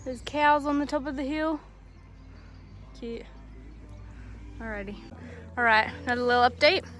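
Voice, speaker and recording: A woman's voice: high-pitched, a bit bright. A woman vlogging outdoors on a country road during a cycling tour, chatting in an upbeat way. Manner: chatty, upbeat, quick laughs. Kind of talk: casual chat.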